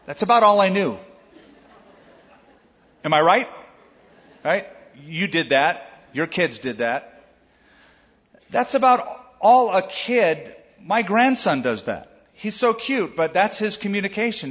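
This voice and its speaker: An older man preaching a sermon as pastor, in a conversational, animated way with asides to his listeners. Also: high-pitched, measured pace, in a large hall, muffled recording.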